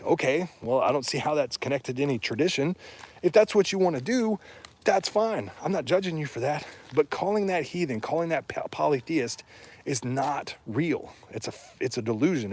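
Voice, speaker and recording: A man talks casually, blunt and emphatic, his voice husky and a little rough at mid pitch. He keeps pushing his points and rises into indignant rhetorical questions. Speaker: podcast guest or host discussing heathen religion. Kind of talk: casual opinionated talk.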